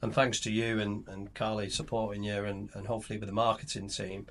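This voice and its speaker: A man's voice: fairly low pitch, fairly quick, a little hiss or hum. A middle-aged man, a company founder chatting casually on a podcast, rambling and telling stories with many restarts. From England. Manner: relaxed, rambling storyteller with restarts.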